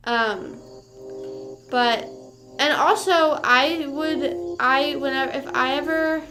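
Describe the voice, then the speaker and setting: Young woman streamer, slightly high voice, rambling casual chat, music behind. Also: takes it slowly. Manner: rambling, full of fillers and swearing.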